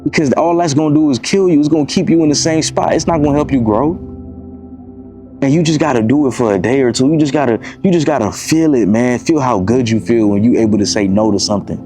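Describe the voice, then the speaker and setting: Young man preaching discipline, warm dark tone. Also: mid-range voice, fast talker, soft background music. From Miami, US. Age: 20s. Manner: preachy and repetitive, calls listeners "bro" and "y'all". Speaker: motivational vlogger. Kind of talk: casual motivational talk to camera.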